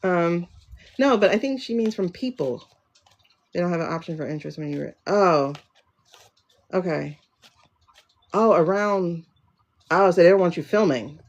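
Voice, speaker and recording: A woman's voice: on the low side, animated, moderate pace, pauses often, muffled recording. A woman hosting a casual livestream chat. She talks in a rambling, chatty way and often breaks off mid-sentence. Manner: rambling, self-interrupting, chatty. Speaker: livestream host and tarot reader.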